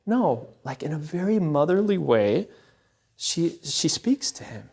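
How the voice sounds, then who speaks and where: A man giving a storytelling talk at a Catholic event, conversational and animated, often checking in with the audience. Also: on the high side, unhurried, vocal fry, husky.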